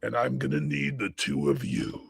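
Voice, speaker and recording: A man voicing a bossy, dramatic male shark boss in a web cartoon, with a husky, gravelly voice and a theatrical delivery. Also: on the low side, big pitch swings, moderate pace, dry recording, full character voice. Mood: gushing. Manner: theatrical, swings from stern to gushing.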